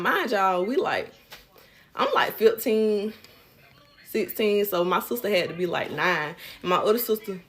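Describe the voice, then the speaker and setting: A young woman telling a casual storytime, blunt and profane, acting out the quotes. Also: medium pitch.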